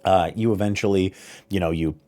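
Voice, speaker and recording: A man narrating as game master of a tabletop role-playing game, relaxed with lots of fillers. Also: low-pitched, fairly quick, faint music behind. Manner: relaxed, many fillers and restarts.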